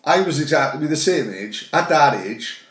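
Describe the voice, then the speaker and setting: A man's voice: a little high, animated, moderate pace, a bit bright. A man co-hosting a podcast, telling a sweary story in a rowdy way and tacking "right?" onto his lines. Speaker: podcast co-host. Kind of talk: casual chat. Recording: echoey room sound.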